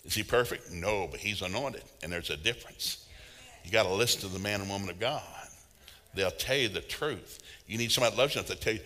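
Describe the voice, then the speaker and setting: Bright-voiced folksy preacher in echoing hall. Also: male voice, fairly low pitch, fast talker. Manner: folksy, humorous storytelling with laughs. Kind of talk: sermon.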